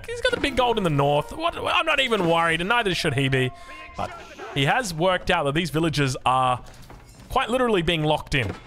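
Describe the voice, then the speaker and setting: Live commentary on a strategy game comes from a young Australian caster whose voice sits on the high side and sounds a bit bright. He jokes around, puns constantly, and pokes fun at himself.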